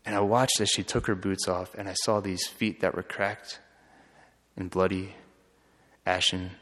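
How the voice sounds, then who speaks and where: A man who is a friar, telling a story in an earnest, halting way with frequent restarts. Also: sits low, little pitch movement, fairly bright tone. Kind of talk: storytelling talk. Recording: long hall reverb.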